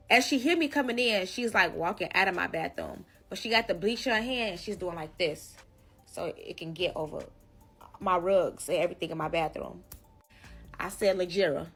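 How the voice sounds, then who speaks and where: Animated woman telling a storytime. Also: medium pitch. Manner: animated, emphatic, swears freely. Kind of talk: casual storytime.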